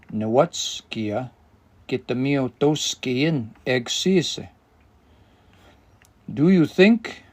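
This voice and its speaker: A man leads a live language lesson, his voice gravelly with fry. He talks things through out loud, stopping now and then to find the right word while he explains the grammar. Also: medium pitch. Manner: thinking aloud, explanatory, searching for words. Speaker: language teacher and livestream host.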